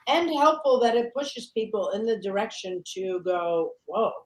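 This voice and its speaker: A woman chef chatting casually on a podcast, lively and talkative, often acting out what she says to herself. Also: mid-range voice, moderate pace. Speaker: chef and guest cohost.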